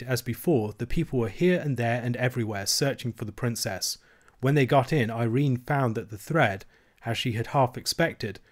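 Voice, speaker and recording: A man with a voice of medium pitch reads a children's novel aloud. His narration is steady and measured. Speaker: reader.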